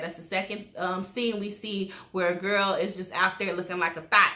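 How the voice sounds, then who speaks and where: Bright-voiced woman, gossipy and profane episode recap, roomy echo. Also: on the low side, normal speed, hardly any pauses. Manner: blunt, profane, animated storytelling with quoted asides. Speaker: TV recap vlogger.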